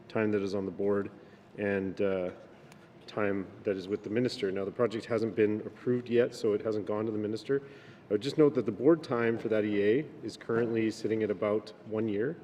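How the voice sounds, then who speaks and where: A man speaking as a legislator, asking a minister measured questions, with frequent pauses and fillers. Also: fairly low pitch, mellow. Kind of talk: committee questioning. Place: legislative chamber. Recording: long reverb of a chamber, faint noise.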